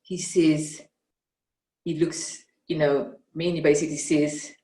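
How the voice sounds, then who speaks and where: Speaking at a moderate pace, a South African mentor in an interview shares reflective stories in a low, earnest voice, peppered with fillers and turning animated when she relives a scene. The recording is roomy, with audible echo, because she sits some distance from the mic.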